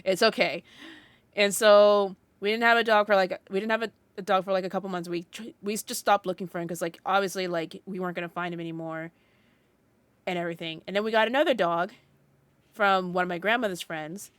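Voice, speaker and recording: A woman's voice: mid-range voice, steady tone, fairly quick, clear, resonant tone, no room sound. A young woman co-hosting a casual podcast, telling a story in a rambling way, full of "like" fillers and restarts. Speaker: podcast co-host.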